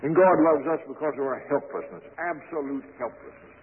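A man preaching an earnest storytelling sermon, slowing down to stress key words. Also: fairly high pitch, narrow, tinny audio, a little hiss or hum. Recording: thin echoey old radio broadcast.

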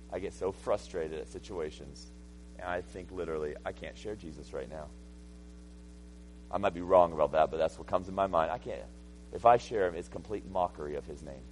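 A man in his thirties preaching a sermon, swinging from loud, emphatic passages to hushed, intimate ones. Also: deep voice, slight background noise, low-quality recording. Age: 30s. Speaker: pastor.

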